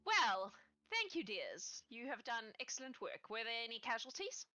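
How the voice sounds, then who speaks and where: A woman's voice: a little high, sing-song, moderate pace, sharp tone. A woman voicing a sweet-mannered, scheming noblewoman who speaks with condescending politeness in a tabletop game. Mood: sweetly smug. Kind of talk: tabletop role-play voicing.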